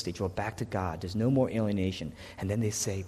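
A male pastor delivering a sermon with a slightly husky, breathy voice. His delivery surges to loud urgency and then falls to hushed near-whispers. The sound carries a long reverb from the worship hall. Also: lowish voice, expressive, normal speed, hardly any pauses.

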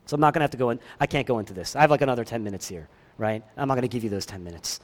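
A man preaches a sermon at a rapid-fire clip in a medium-pitched voice. He swings from loud, emphatic lines to hushed ones and drops chatty asides to the congregation.

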